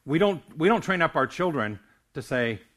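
A man's voice: fairly high pitch, big pitch swings, moderate pace, fairly bright tone. An older man preaching a sermon as a pastor, earnest, often stumbling and restarting his words.

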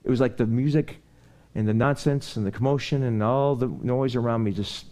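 In a mid-range voice at normal speed, he tells personal stories in a rambling, conversational manner during his sermon. The talk builds toward animated preaching.

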